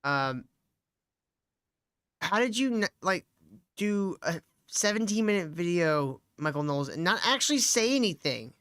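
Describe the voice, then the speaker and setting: A man's voice: sits high, big pitch swings, a little slow, pauses often, fairly bright tone, clear, resonant tone, no echo, clean studio sound. A man hosting a casual show, crude and joking. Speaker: host. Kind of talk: casual chat.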